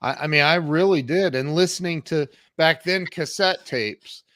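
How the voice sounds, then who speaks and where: A man in his fifties, a guest on a podcast, tells his life story in a lively, conversational way, with frequent restarts and fillers. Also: fairly high pitch, moderate pace, dry recording, studio quality. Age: 50s.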